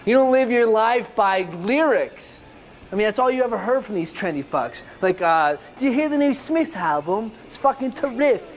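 Brief: angry young punk, high-voiced profane ranter, faint film noise. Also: male voice, expressive, normal speed. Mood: ranting. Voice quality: profane, ranting, sardonic.

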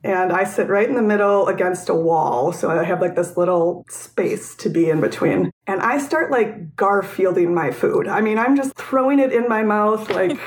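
A young woman calls into a podcast and tells her story in casual, lively talk. She is from Wisconsin and laughs now and then as she goes. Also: medium pitch, moderate pace, hardly any pauses. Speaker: caller telling a story.

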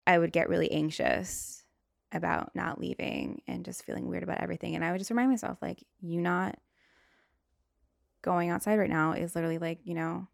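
A woman's voice: lowish voice, fairly even intonation, fairly quick, creaky, no echo, clean studio sound. A young woman hosting a casual solo podcast, telling blunt, profane stories and acting out her own outbursts. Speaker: podcast host.

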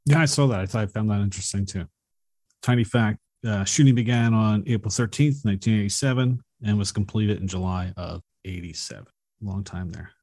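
Man, podcast co-host, measured trivia reader, low dark voice, dry close recording. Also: no room sound. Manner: measured, fact-reciting delivery. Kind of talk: reading film trivia in casual chat.

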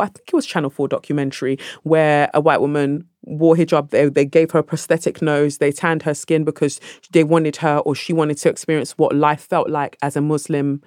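A woman guest on a podcast, telling stories in a lively conversational way and acting out the people in them. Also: low-pitched, no echo, studio quality. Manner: animated, acts out voices in her anecdotes. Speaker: podcast guest, actress and author.

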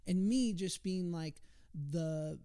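A man's voice: high-pitched, takes it slowly, warm tone, clear, resonant tone, dry recording. A man in his thirties telling stories as a podcast guest, chatty and self-deprecating, with many restarts. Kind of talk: casual storytelling on a podcast.

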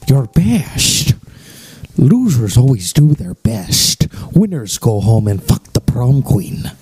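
A man putting on an impression of a suave older Scottish male film star, delivering movie lines in a gruff, clipped way. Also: fairly low pitch, very animated, slow, warm tone, no echo, heavily acted. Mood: scornful.

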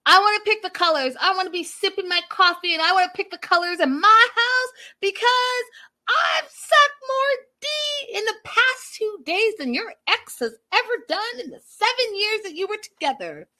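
A woman voicing a furious young woman shouting at her fiancé in a shrill, frantic voice. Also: lively intonation, moderate pace, exaggerated voice.

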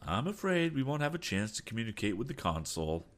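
Casting: a steely sea captain, measured and grave, read by a man for a storybook, lively pitch. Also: lightly acted. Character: steely, calm middle-aged sea captain.

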